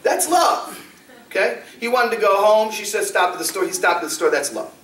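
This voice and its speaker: A man giving a talk as a rabbi, telling stories with animated acted-out dialogue. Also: moderate pace. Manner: animated, acts out dialogue with shifting pitch. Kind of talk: lively storytelling lecture. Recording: roomy, distant mic in a hall.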